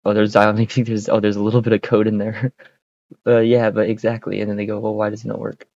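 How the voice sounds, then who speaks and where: A man thinking aloud in a casual, wry, halting way while he codes, speaking close to a desk mic. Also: on the low side, little pitch movement, a little mellow, dull audio. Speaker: streamer coding on screen.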